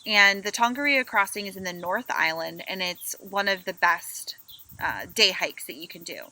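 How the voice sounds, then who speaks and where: Bright-voiced woman chatting on a podcast. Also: medium pitch, normal speed, rough recording. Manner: animated storytelling, acts out her own complaints. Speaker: podcast co-host. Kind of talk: casual chat. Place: camper van.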